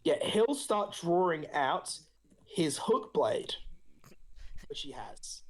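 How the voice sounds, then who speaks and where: A man running a tabletop game as game master, casual and laughing, with halting restarts. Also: on the high side, big pitch swings.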